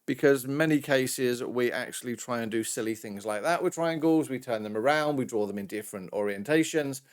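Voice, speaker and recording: A man's voice: mid-range voice, a little fast. A British man teaching a recorded maths lesson in a chatty, jokey way with self-mocking asides. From Britain.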